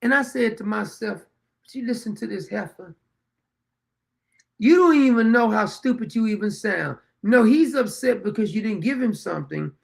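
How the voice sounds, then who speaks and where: A man's voice: high-pitched, animated, normal speed, gravelly, few pauses. A middle-aged man hosting his own show, delivering a blunt, preachy, rambling opinion monologue. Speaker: show host.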